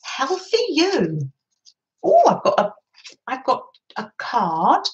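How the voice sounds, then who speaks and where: A woman's voice: a little high, wildly swooping pitch, slow pace, dull audio. A woman chatting through a craft session at her desk, gushing over papers and cooing about how lovely everything is. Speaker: craft vlogger. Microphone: camera on desk.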